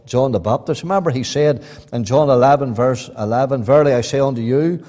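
A man preaching a sermon, swinging between loud rising appeals and quiet, earnest asides. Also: medium pitch, fairly quick. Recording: long hall reverb.

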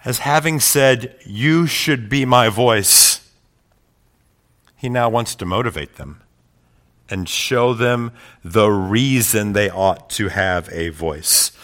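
A man preaching a sermon who swells into loud, rousing passages and then drops to quiet, reflective asides. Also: on the low side, takes it slowly. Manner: builds to loud climaxes quoting speeches. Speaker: pastor.

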